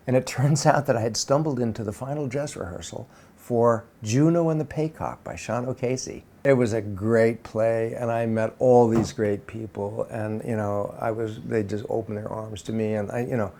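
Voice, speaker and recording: A man recounting an anecdote in an animated way, acting out the other people's lines. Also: mid-range voice, moderate pace, slight background noise. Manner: animated, acts out voices in his story. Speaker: interviewee. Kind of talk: storytelling anecdote.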